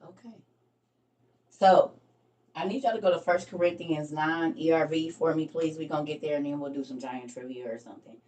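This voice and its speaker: A woman's voice: deep voice, a little fast, darkish tone. Middle-aged lady doing a laid-back bible chat on a live stream, laughs a lot, kinda far from the mic. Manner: chatty, laughs often, teasing and preachy. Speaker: livestream host. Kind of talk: casual Bible study chat. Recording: voice from a distance from the mic.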